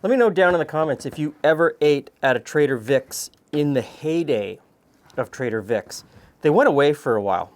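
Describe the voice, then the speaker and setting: A man's voice: on the high side, moderate pace. A man from Canada hosts a home cooking show in an easygoing way. He chats casually while cooking, trailing off with frequent ums. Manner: relaxed, chatty, frequent "um"s.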